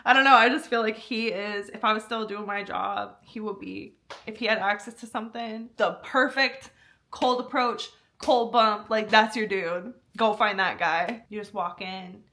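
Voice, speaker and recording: A woman's voice: medium pitch, steady tone, normal speed, bright, forceful tone. A woman vlogger chatting casually, rambling with lots of fillers and frequent laughs. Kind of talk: casual chat.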